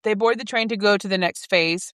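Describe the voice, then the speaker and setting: Woman podcast host, dry close sound, deadpan book summary, giggles. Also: mid-range voice, fairly quick, no echo. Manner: deadpan plot recap, breaking into giggles. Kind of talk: casual chat.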